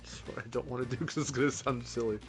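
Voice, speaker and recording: A man's voice: medium pitch, steady tone, quick pace. Male streamer, casual chat, lots of giggles, faint game music underneath. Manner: giggly, chatty, readily laughing.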